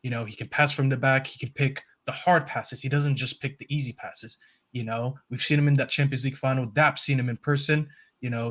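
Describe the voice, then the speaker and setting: A man with an ordinary mid-range voice talks as a football fan on a panel. He speaks earnestly, rambling a little and stopping often to find his words. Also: medium pitch. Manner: earnest, rambling, lots of "um" fillers. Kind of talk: casual panel chat.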